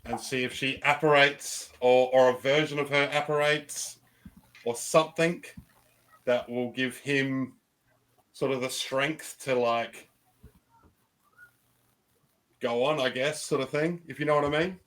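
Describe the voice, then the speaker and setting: A man's voice: medium pitch, fairly even intonation, measured pace, fairly bright tone, rough recording. A man playing a tabletop game, hesitant and thinking aloud, swearing casually. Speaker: player.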